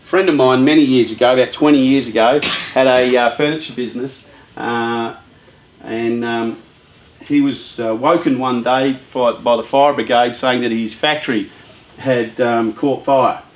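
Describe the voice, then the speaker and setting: A man giving a motivational talk to a group of young people, chatty and lively, telling stories and putting questions to the audience. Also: medium pitch, normal speed, echoey room, slight background noise, rough recording. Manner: lively, chatty storyteller who talks with the audience. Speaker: youth workshop speaker.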